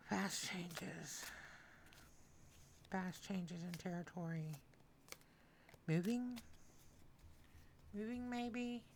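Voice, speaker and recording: A woman in her sixties with a somewhat low voice, chatting through a tarot reading. She talks in an animated, emotional way and repeats herself for emphasis. Her level drifts as she moves away from the mic. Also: a little hiss or hum. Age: 60s. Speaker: tarot reader. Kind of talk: casual channeled tarot reading. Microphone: mic that she moves away from at times.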